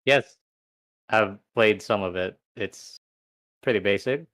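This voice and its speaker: A man's voice: lowish voice, slow pace, fairly bright tone. A young man co-hosting a casual stream, laid-back and joking. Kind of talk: casual livestream chat.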